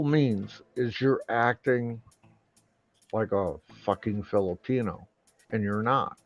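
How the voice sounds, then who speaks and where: Angry live-stream host, slow-talking with a gravelly voice, cursing nonstop. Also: male voice, lowish voice, faint music behind. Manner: angry, swearing constantly, loud outbursts. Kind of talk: profane ranting monologue.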